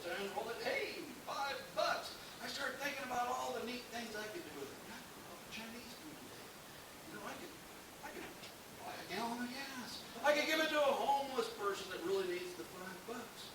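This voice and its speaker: A middle-aged man does stand-up in a live club, spinning wry stories and slipping into quick silly voices. His voice sits fairly high, and it rings through a very echoey room. He is heard from a distance, with a steady hiss behind him. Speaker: stand-up comedian. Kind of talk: stand-up comedy routine.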